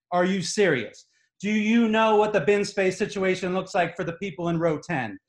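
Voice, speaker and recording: Animated man telling a story on stage. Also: fairly high pitch. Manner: animated, exasperated, emphatic. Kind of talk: live comic storytelling. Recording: echoey room.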